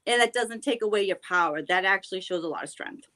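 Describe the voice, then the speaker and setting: Guest, woman, mid-pitched, earnest and reflective, casual conversation. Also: fast talker, pushed and bright. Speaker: guest tarot reader. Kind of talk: casual chat.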